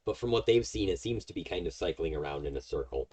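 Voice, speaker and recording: A man's voice: low-pitched, lively intonation, quick pace, darkish tone, slightly rough. A man narrating as game master of a tabletop game, explaining at length with many fillers. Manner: rambling, filler-heavy explaining.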